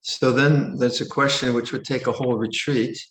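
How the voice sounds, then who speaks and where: Playful monk teaching in an echoey room. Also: male voice, fairly even intonation, moderate pace. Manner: gentle, playful, acts out moods with sudden high exclamations. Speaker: monastic teacher. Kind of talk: Dharma Q&A teaching. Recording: roomy echo.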